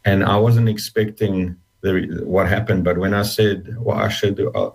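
A man speaking as an interview guest, telling a personal story in fast halting bursts with many repeated words. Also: low-pitched, steady tone, gravelly, a little mellow, slightly rough, rough recording. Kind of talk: emotional personal testimony.

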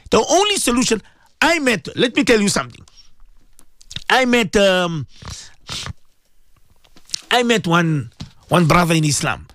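Impassioned man, high and swooping. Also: fairly bright tone, dry recording, clean studio sound. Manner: emotional, repeats rhetorical questions. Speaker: Islamic scholar and radio show host. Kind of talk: impassioned radio talk.

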